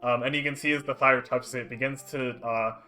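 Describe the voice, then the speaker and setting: A man running a tabletop game as dungeon master, describing the scene in a halting way full of ums and uhs. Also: medium pitch, fairly even intonation, sharp tone. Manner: hesitant, many ums and uhs, laughs often.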